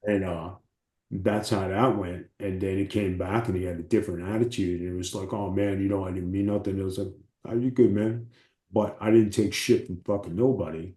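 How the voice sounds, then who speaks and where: A man, a former wrestler, telling profane, animated stories as an interview guest. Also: sits low, fairly quick, reverberant. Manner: animated, profane storytelling with acted quotes. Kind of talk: casual storytelling.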